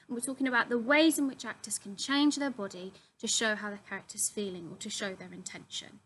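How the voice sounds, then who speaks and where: A young woman explains drama terms in a clear, bright, slightly high voice. She speaks like a teacher walking a class through a list, with plenty of ums. Faint noise hums behind her. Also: poor audio.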